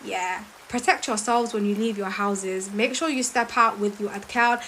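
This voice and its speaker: A woman, telling a story in an animated, emphatic way and reciting verses quickly. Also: mid-range voice, slight background noise, rough recording. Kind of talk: casual storytelling.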